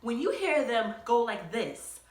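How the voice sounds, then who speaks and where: A young woman vlogger telling a casual story, animated, laughing often and acting out quotes. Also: on the high side, measured pace, reverberant.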